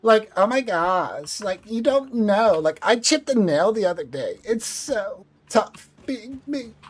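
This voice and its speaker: A ditzy, self-pitying young woman whines in a high Californian Valley Girl voice, as a man puts her on. She fills every phrase with "like" and drags her words out. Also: big pitch swings, slow, slightly rough, heavily acted. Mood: whiny. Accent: put-on Californian Valley Girl. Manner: whiny, ditzy, full of "like".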